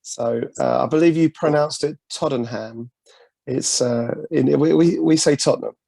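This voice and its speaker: A man with a North London accent, a guest on a podcast video call, telling his story in a relaxed way. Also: fairly high pitch, normal speed, vocal fry, no room sound. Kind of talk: casual video-call interview.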